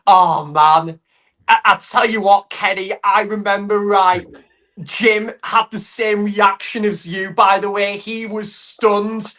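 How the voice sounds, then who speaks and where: A woman, chatting casually on a livestream in an unhurried, hedging way that circles back on itself. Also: medium pitch, fairly even intonation, a bit bright.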